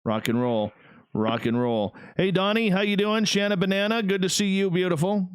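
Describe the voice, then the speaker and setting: An upbeat man hosts a live radio broadcast, greeting his chatters with bouncy pitch jumps. His voice is smooth and resonant, set close to a studio mic in a dry room. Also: moderate pace, no echo. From Canada. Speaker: radio show host.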